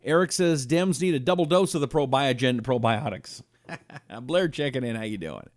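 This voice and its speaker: A man hosting a live talk show, reading an ad and viewer comments in an animated, emphatic way. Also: mid-range voice, moderate pace, no echo, studio quality.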